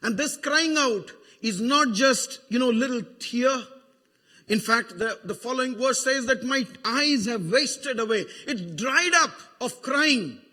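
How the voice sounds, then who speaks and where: A man with a Malayali accent preaching an emotional sermon as pastor, building to fervent shouted prayer. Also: very high-pitched, lively intonation, a little slow. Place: church sanctuary. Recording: long church reverb.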